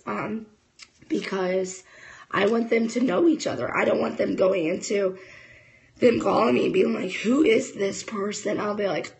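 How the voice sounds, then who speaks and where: Chatty fired-up woman with a gravelly edge. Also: mid-range voice, low-quality recording. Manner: chatty, fired-up, addresses viewers as guys. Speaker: network marketing distributor. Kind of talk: casual motivational talk to camera.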